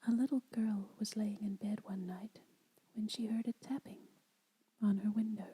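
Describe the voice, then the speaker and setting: A woman whispering a children's story aloud as an ASMR storyteller, soft and unhurried. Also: medium pitch, fairly even intonation, husky, rough recording.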